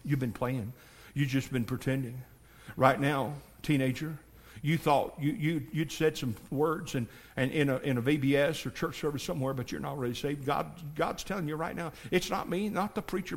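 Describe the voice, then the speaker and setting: A man's voice: on the high side, fairly even intonation, moderate pace. A man, preaching a fervent sermon and pressing his listeners directly. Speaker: pastor.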